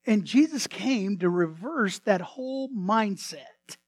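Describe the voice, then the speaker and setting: A man preaching a sermon as pastor, swinging between hushed asides and sudden loud bursts. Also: high voice, lively intonation, slow, dry recording.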